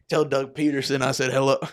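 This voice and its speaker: A young man co-hosting a podcast, chatting casually about football, swearing a lot and laughing often. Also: medium pitch. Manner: profane, joking, laughs often. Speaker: podcast co-host. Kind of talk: casual chat.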